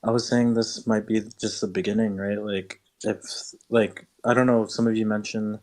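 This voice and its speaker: Rambling low-voiced man, casual chat. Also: flat delivery, normal speed, darkish tone. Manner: rambling, hedging with "like" and "right". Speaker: speaker in a live audio chat.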